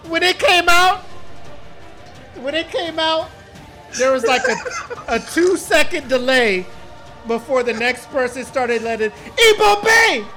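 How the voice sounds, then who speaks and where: A man in his thirties co-hosting a casual podcast, telling stories with loud, excitable outbursts and heavy profanity. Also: very high voice, unhurried, long pauses, faint music behind. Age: 30s. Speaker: podcast co-host.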